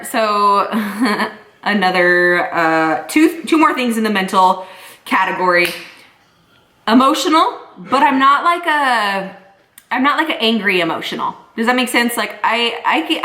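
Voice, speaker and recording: A woman's voice: mid-range voice, bright, forceful tone. A young adult woman vlogging in a casual chat to camera. She rambles and fills her talk with "like.". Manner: chatty, rambling, heavy use of "like". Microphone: camera mic. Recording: echoey room.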